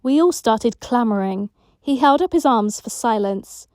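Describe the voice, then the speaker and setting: A woman narrating a children's audiobook in a lively storytelling manner, recorded at home. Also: on the high side, measured pace, dry recording. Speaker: audiobook reader.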